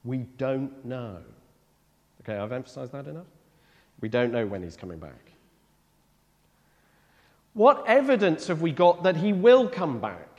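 Chatty preacher in a reverberant church. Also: male voice, medium pitch, very animated, unhurried, long pauses, lo-fi sound. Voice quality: conversational, asks the congregation questions. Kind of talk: sermon. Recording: long reverb of a church hall.

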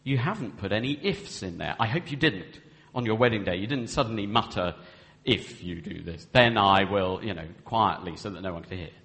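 Male preacher with a lively, gravelly voice, earnest sermon delivery, long reverb. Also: on the low side, brisk, hardly any pauses. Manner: earnest, acts out vows in quoted speech. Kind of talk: sermon on marriage.

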